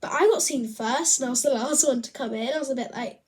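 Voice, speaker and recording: A woman's voice: high-pitched, fast, a little mellow. A woman chatting to camera in a casual, rambling vlog, often laughing as she talks. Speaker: vlogger.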